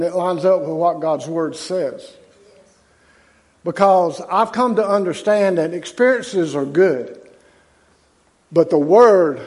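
A man delivers a sermon in a notably high voice. He talks to the congregation like old friends, with folksy asides and frequent restarts. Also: darkish tone. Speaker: associate pastor. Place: church sanctuary.

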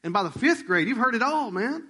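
A male pastor telling a personal story in a sermon, casual and animated. He acts out remembered conversations and drops to a hushed voice for tender moments. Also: very high voice, a little fast, husky.

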